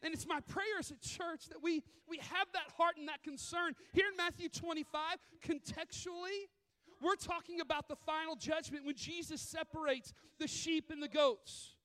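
This pastor's pitch is extremely high, and he keeps a moderate pace as he preaches in a church sanctuary. His sermon is full of stories, which he brings to life by animatedly voicing other characters.

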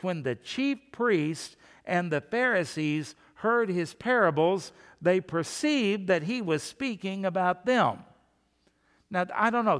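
A man preaching a sermon as pastor, in a folksy, animated storytelling way. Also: high-pitched, in a large hall.

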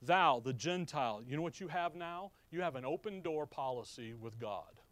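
High-voiced man preaching with call-and-answer questions. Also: lively intonation, normal speed, dry recording. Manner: asks the congregation questions and answers them himself; swings from loud emphatic bursts to low quiet asides. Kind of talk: sermon.

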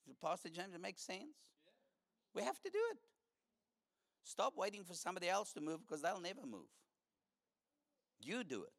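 A man's voice: sits high, animated, brisk, pauses often, fairly bright tone, dry recording. A man preaching a fervent sermon, telling a story and calling for responses from the congregation.

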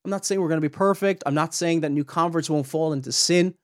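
Recorded in studio quality with no room sound, this male podcast host and Bible teacher has a fairly high voice and quick pace. His theology teaching is earnest and emphatic, rising steeply whenever he drives a point home.

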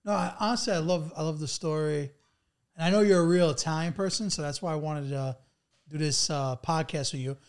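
A man's voice: on the high side, a little fast, clean tone. Brief: laid-back male podcast host, easygoing conversation. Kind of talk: casual chat.

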